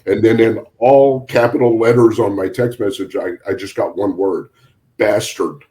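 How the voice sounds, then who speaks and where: A man, a sheriff's deputy, telling a story on a podcast in a relaxed, amused way, chuckling and acting out the dialogue. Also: fairly low pitch, moderate pace. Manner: amused, chuckles through his story, quotes people in dialogue.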